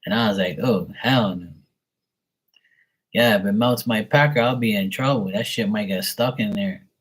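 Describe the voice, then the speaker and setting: Profane joking man with a husky voice. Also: fairly low pitch, normal speed. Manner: profane, joking storyteller who laughs often. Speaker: livestream host. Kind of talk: casual live-stream chat.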